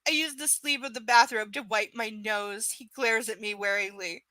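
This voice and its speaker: Woman reading a book out loud live, snarky and sweary, high bright voice, super dry sound. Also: steady tone, normal speed, no echo. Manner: sarcastic, profane, exasperated asides. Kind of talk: live reading with ranting commentary.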